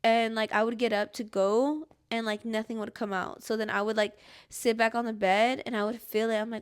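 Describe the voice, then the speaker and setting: Young woman podcaster, kinda high voice, says like every other word, rambling story chat. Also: flat delivery, fairly quick, clear, resonant tone. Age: young adult. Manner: rambling, fills every phrase with "like"; acts out her own past cries and pleas. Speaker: podcast host.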